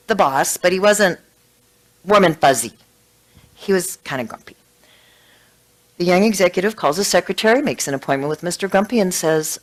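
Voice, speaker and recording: A woman's voice: on the low side, poor audio. A woman giving a sermon to a small congregation, telling a story with feeling and laughing now and then. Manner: emotional, animated storytelling with laughs. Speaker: spiritual practitioner giving the talk.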